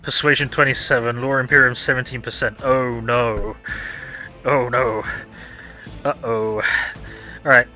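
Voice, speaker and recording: A man casually commenting while playing a video game, reading its text aloud and reacting loudly to his dice results. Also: mid-range voice, steady tone, a little slow, pauses often, soft background music. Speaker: gaming video host.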